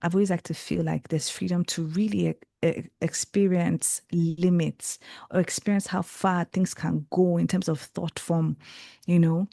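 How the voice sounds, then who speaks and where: A woman's voice: on the low side, measured pace, creaky, dry recording, clean studio sound. A young Nigerian woman talking in a casual interview, reflective and earnest, often restarting her sentences. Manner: earnest, reflective, animated with frequent self-corrections. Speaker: guest, creative and tarot reader.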